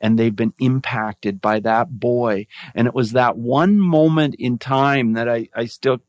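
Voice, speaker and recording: Speaking at a measured pace in a mid-range voice with no echo, a middle-aged podcast guest who advocates mindfulness shares a personal story in an interview. He is earnest and reflective, and he performs the voices of people he quotes.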